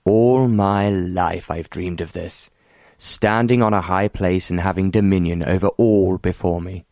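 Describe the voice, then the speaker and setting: A domineering bully from a period romance audiobook, sneering and emphatic, as a male narrator plays him. Low-pitched and harsh, recorded dry and close. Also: fairly even intonation, a little slow, a little mellow, dry recording. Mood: defiant.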